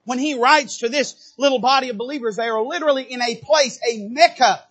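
High-voiced fervent preacher man. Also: brisk. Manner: fervent, rising to shouts. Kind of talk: sermon. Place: church service.

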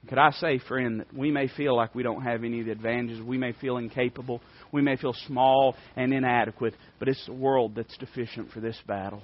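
Fervent preacher. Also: male voice, mid-range voice, fairly even intonation, fairly quick, hardly any pauses. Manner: fervent, swings between quiet and loud. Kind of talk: sermon. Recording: dry, dull lo-fi sound.

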